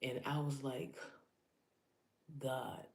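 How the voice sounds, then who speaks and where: In an echoey room, a woman with a deep, dark voice preaches unhurriedly yet urgently in a motivational vlog. She speaks directly to her listeners with passion, and she repeats herself for emphasis.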